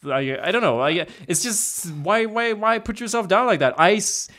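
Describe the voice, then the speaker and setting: A man's voice: high-pitched, expressive, normal speed, fairly bright tone. A man talking in casual chat, frank and ranting, swearing freely. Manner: frank, swears a lot, rants.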